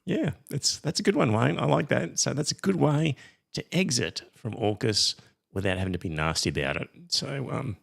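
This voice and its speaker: A middle-aged Australian man hosting a podcast in casual chat, rambling and reading listener messages with many pauses and ums. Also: mid-range voice, lively intonation, creaky. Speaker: podcast host.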